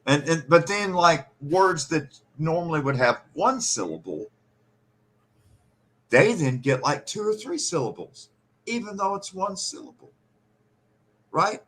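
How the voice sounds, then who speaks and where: A man's voice: on the high side, sing-song, unhurried, pauses often, fairly bright tone, slightly rough. A man hosting a casual podcast chat, playfully imitating regional pronunciations. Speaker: podcast host.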